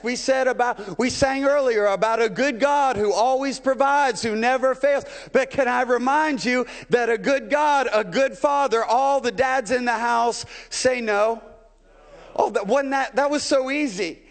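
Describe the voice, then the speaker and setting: A man pastor preaching a sermon to his church, putting rhetorical questions to the congregation. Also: very high voice. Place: church sanctuary. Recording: long hall reverb.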